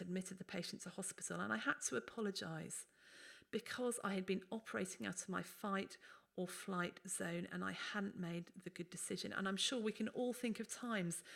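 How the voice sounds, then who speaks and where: A woman's voice: medium pitch, creaky. A woman, a doctor, giving a conversational, explanatory webinar presentation.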